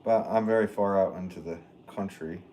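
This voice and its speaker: A man, a potter, chatting casually on a livestream and reading out viewer comments, relaxed and joking, with frequent chuckles. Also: deep voice, moderate pace, slight background noise. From northwest Connecticut. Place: pottery studio.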